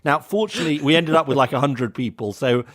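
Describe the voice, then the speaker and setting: A man from Britain co-hosts a podcast in a relaxed, conversational way. His voice sits at an ordinary middle pitch. He tells stories loosely, restarting sentences as he goes. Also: quick pace. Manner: chatty anecdotal storytelling with laughs and restarts. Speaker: podcast co-host. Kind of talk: casual chat.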